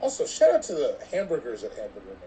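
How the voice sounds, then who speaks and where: A man, a podcast co-host, in casual banter, laughing and swearing through quick back-and-forth. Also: mid-range voice, wildly swooping pitch, dark tone, far from the mic, a little hiss or hum, rough recording.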